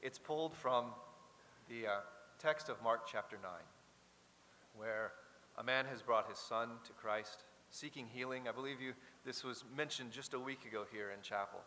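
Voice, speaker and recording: A man's voice: mid-range voice, moderate pace, sharp tone. A man leading a choir, giving an earnest, reflective spoken introduction in a chapel. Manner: earnest, reflective, with small restarts. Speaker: choir leader. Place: large chapel. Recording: hall reverb with faint hiss.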